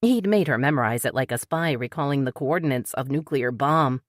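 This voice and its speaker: A woman narrating a cozy mystery audiobook with lively character reading. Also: very deep voice, fairly quick, no room sound, studio quality. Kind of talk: scripted narration.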